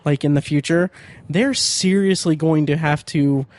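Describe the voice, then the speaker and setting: A man's voice: a little high, measured pace, a little mellow. Rambling, joking male podcast co-host. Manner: rambling, joking, many fillers and restarts. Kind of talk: casual podcast chat.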